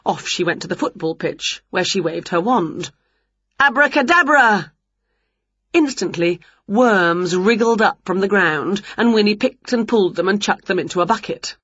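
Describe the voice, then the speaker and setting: A woman reading an English picture book aloud at home in a clear, expressive read-aloud manner. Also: mid-range voice, normal speed, hardly any pauses, dry recording, muffled recording. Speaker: storybook reader.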